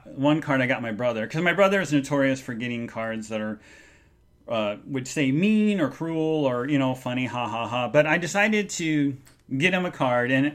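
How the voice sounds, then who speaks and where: A man hosting a solo podcast, talking in an earnest, halting way with many restarts as he recounts an emotional day. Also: mid-range voice, fairly bright tone. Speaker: podcast host. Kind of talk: solo live podcast monologue.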